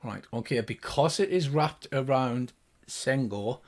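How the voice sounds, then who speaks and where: A man's voice: medium pitch, a little slow. An older man running a tabletop game as game master, narrating in vivid detail with fillers.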